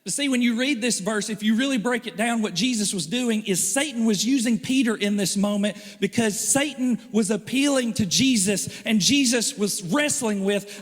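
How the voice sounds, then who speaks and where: Animated preaching man in reverberant church. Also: high voice, moderate pace, few pauses. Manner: animated, joking, acts out quoted voices. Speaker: pastor. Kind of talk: sermon. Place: church hall.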